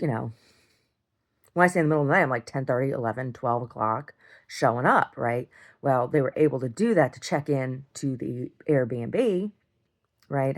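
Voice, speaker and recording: Low-voiced woman telling a rambling story. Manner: rambling, repeats words and restarts, swears when heated. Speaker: video diarist. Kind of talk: casual storytelling.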